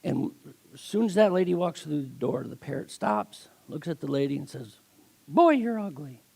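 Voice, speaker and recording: A man's voice: mid-range voice, expressive, normal speed, creaky, mellow, slightly rough. A man preaching a sermon as a guest speaker, telling stories with acted voices and emphatic delivery.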